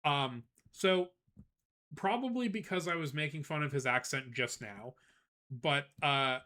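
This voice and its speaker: Man, streamer, casual chat, rambling animated storytelling, laughs often, bright voice. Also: a little high, measured pace. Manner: greets chat viewers between anecdotes.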